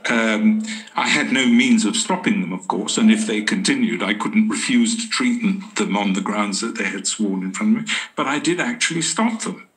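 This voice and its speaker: A man's voice: lowish voice, fairly bright tone, rough recording. A man who worked as a prison doctor, a guest telling anecdotes in a wry, hesitant way and laughing often. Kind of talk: anecdotal interview answers.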